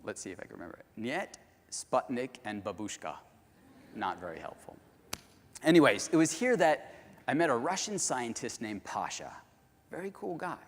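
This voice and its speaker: Male keynote speaker, lively storytelling delivery, hall reverb. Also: medium pitch, fairly quick, a little hiss or hum. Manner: animated, addresses the audience directly. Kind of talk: storytelling conference talk. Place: large conference hall.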